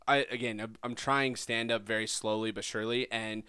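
A man's voice: on the low side, flat delivery, fairly quick, pushed and bright, clean tone, no echo, studio quality. A young man in casual chat, rambling with lots of filler words and frequent swearing.

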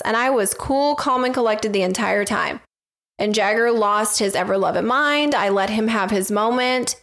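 Woman, slightly high voice, frank, self-assured, casual podcast chat. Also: normal speed, a bit bright.

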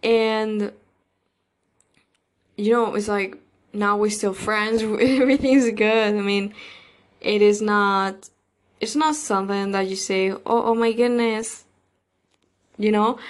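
Woman, podcast host, casual solo monologue, rambling, filler-heavy, middle pitch. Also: steady tone, a little slow, long pauses.

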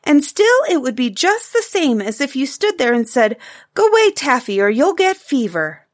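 A woman's voice: high voice, big pitch swings, moderate pace, no room sound, clean studio sound, voice pushed up. A woman voicing an eager, chattering little cave girl in a storybook reading.

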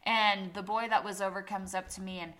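A woman podcast co-host telling a funny story in casual chat, swearing a lot and acting out quotes loudly. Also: medium pitch, fairly quick. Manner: animated, swearing often, acts out quotes loudly.

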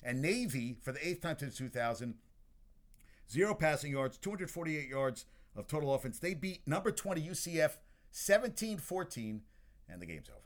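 A man with a somewhat high voice and a moderate pace hosts a sports podcast, chatting casually about games while he watches one. He rambles, restarts and drifts into asides, getting chatty and excited over the scores.

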